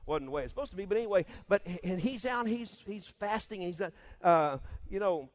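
A middle-aged man preaching a casual sermon as pastor, folksy and quick to laugh, acting out little voices. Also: high-pitched. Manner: laughs often, folksy and animated, acts out voices.

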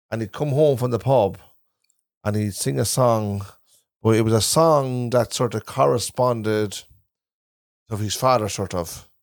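A man's voice: on the low side, a little mellow, dry recording, studio quality. A man with an Irish Traveller accent, a podcast host who rambles and repeats himself while telling family stories in a casual chat recorded in a caravan.

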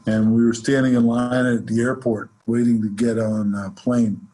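A man teaching a jazz lesson, explaining scales in a relaxed way and counting off examples. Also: medium pitch, normal speed, a little hiss or hum. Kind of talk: instructional lesson with playing examples.

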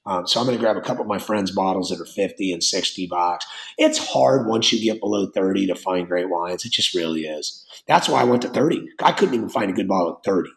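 A very low-voiced man speaking as a winemaker in an interview, blunt and rambling, swearing offhandedly as he goes. His voice rings in a roomy, echoey space. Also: animated, fast, vocal fry. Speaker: winemaker and wine business owner. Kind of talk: interview conversation. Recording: roomy echo.

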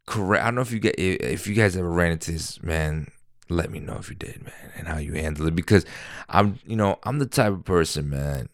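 A man in his thirties with a deep voice, talking in a casual, rambling monologue full of fillers and restarts. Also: no echo, studio quality. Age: 30s. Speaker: vlogger.

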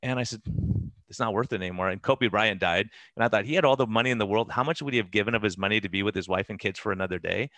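Middle-aged male physician, low-ish voice, dry close sound, earnest rambler. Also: racing, a bit bright, no echo. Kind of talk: casual personal storytelling.

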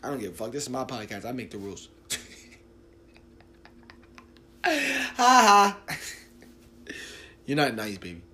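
A man's voice: lowish voice, racing, a bit bright, slight background noise. A man in his late twenties hosting his own podcast, ranting casually, profane and rambling with lots of restarts. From New Jersey. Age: 20s. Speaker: podcast host. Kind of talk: casual solo podcast rant.

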